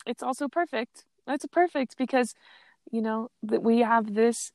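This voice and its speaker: A woman's voice: on the high side, unhurried, a little mellow, no room sound. A woman hosting a podcast, effusive and enthusiastic in casual conversation with her guest. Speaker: podcast host.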